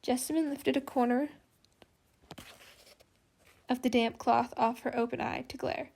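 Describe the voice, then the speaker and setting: Gravelly woman reading an audiobook. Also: sits high, steady tone, unhurried, pauses often, a little mellow. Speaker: audiobook narrator. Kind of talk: scripted narration.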